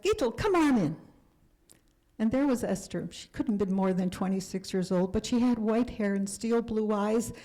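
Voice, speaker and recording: A woman in her seventies giving a talk about her life, speaking earnestly and sometimes dropping to a hush for emphasis. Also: medium pitch, low-quality recording. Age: 70s. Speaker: guest speaker. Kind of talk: personal storytelling lecture.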